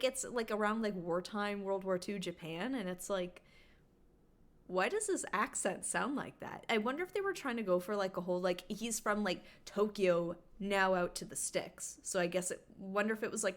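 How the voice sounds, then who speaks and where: A woman from Canada streams a game and chats with her viewers. She rambles casually, full of filler words, at an ordinary middle pitch for a woman. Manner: rambling, chatty, lots of filler "like".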